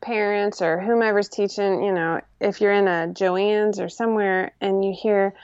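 A woman who designs sewing patterns, chatting casually as a guest in an interview, talking in quick bursts with lots of fillers. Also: medium pitch, fairly even intonation, a little mellow, clear, resonant tone, no echo, muffled recording.

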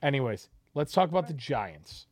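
A man co-hosting a casual sports podcast, analytical and measured, with a teasing streak toward his co-host. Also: mid-range voice, sing-song, no room sound, studio quality.

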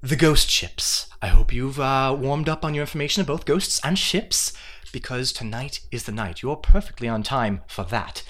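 A man voicing Ainsworth, a male figure in a tabletop game who speaks slowly and a little lower than his own voice. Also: lively intonation, a bit bright, close to an everyday voice. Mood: welcoming.

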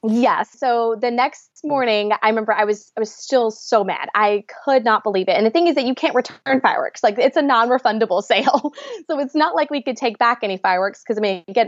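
Podcast guest, woman, bright-pitched storyteller, dull dry recording. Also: fairly quick, no room sound. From Georgia, US. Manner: animated, laughs often, acts out quotes. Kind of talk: storytelling in a casual interview.

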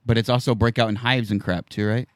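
A man's voice: medium pitch, fairly even intonation, fast, dry recording, studio quality. A man in casual, crude banter, joking along and laughing often.

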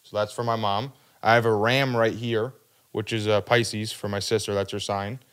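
A man's voice: on the low side, flat delivery, normal speed, a bit bright, smooth. A man hosting a podcast in casual chat, laid-back and teasing.

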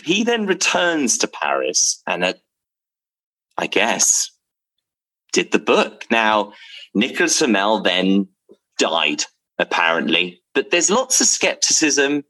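A man telling a story to camera about his drinks brand, rambling and excitable, with many restarts and fillers. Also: fairly low pitch, slow, pauses often.

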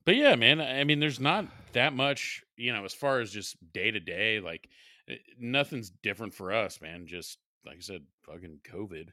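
A man's voice: lowish voice, animated, moderate pace, bright, forceful tone, no echo, clean studio sound. A man in his thirties co-hosting a podcast in casual chat, rambling and swearing, often laughing. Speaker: podcast co-host.

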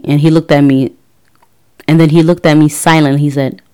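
A woman's voice: low-pitched, steady tone, normal speed, warm tone, clean tone. A woman in her thirties telling a personal story to her audience in a casual, chatty way, with many fillers and restarts. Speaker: podcast host.

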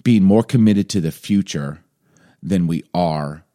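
A low-pitched, mellow male voice at a measured pace belongs to a father co-hosting a laid-back podcast. He tells rambling, loose stories full of filler words, especially "like".

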